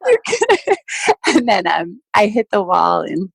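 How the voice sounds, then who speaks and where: A woman in her forties, a former athlete guest, telling stories in a casual interview, animated and laughing often as she acts out what people said. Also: on the low side, normal speed, vocal fry, breathy edge, no echo. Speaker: podcast guest, former Olympic swimmer.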